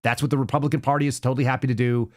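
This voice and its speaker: A man's voice: mid-range voice, level tone, very fast, a little mellow, no echo, studio quality. A man hosting a political commentary show, ranting with sarcastic asides. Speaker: show host.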